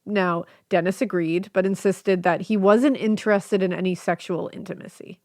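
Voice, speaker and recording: A woman's voice: fairly low pitch, fairly even intonation, normal speed, no echo, studio quality. A woman co-hosting a podcast who chats casually and swears freely as she tells a true crime story. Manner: chatty and profane, with a casual storytelling flow. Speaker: podcast co-host.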